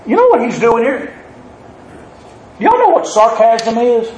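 A man preaching a sermon, reading scripture slowly and then asking the congregation questions with a joke or two. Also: very high voice, sing-song, darkish tone, echoey room, slight background noise, low-quality recording. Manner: reads scripture slowly, then jokes and asks the crowd questions.

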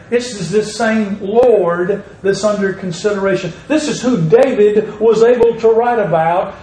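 In a reverberant church with faint ambience, a man preaches in a high-pitched, slightly mellow voice. His delivery is slow and emphatic, with drawn-out words and strong rising stress on important phrases.

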